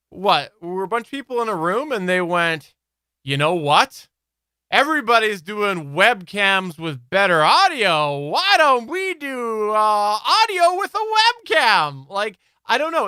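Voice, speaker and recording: A man co-hosting a live podcast chat, talking in an animated, casual way and laughing easily. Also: high voice, smooth, no echo, studio quality. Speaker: podcast co-host.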